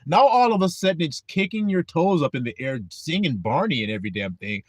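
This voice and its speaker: A man's voice: on the high side, big pitch swings, fairly quick, hardly any pauses, no room sound. A man preaching a casual sermon to an online flock, firing rhetorical questions in a blunt, profane way.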